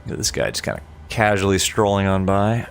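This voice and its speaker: Croaky, gravelly low-voiced man streaming. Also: little pitch movement, a little fast, soft background music. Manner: chatty, laughs often, narrates cockpit checks. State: sick, hoarse. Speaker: flight sim streamer. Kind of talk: casual live-stream chat.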